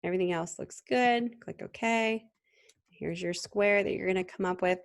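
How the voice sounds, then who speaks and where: A woman teaching a design class in a screen-recorded software tutorial, talking in a relaxed, conversational way with frequent ums and restarts. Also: mid-range voice, normal speed, vocal fry. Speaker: design instructor.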